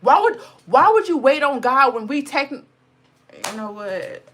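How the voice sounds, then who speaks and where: A woman's voice: lively intonation, measured pace, a bit bright, slight background noise. A woman vlogger talking about spirituality with a Black dialect. She speaks bluntly, swears a lot, and keeps close to tears. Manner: mocks others in high sarcastic voice. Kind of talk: impassioned casual monologue.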